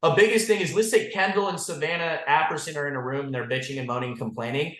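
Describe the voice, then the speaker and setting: A man's voice: a little high, fast talker, a bit bright, roomy sound. A man leading an insurance agency's team call, talking bluntly and profanely and saying "like" and "guys" constantly. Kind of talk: motivational team call talk.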